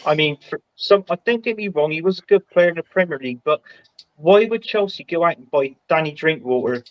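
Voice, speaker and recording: A man's voice: on the high side, lively intonation, fairly quick, dry recording. A man on a football chat panel, bantering and making mock-serious announcements in a jokey tone. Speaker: podcast panelist. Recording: dull lo-fi audio.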